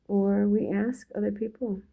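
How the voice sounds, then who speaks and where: A woman's voice: mid-range voice, level tone, measured pace, creaky, phone-quality sound. A woman talking in a loose, free-associating spiritual monologue, drifting from thought to thought.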